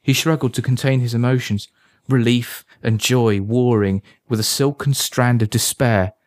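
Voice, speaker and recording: A man narrating a dark story in a measured, dramatic way. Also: medium pitch, steady tone, no echo.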